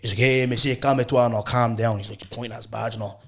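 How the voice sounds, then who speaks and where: A young Irish man hosting a podcast, telling a story in a casual chat, animated and laughing often as he acts out what people said. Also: lowish voice, very fast, breathy edge. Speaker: podcast host.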